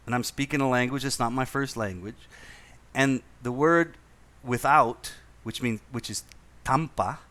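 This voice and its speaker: In an unhurried mid-range voice with a bit of brightness, a man who lived in Indonesia hosts a casual podcast. He recounts a profane anecdote, repeating words often and breaking into laughter.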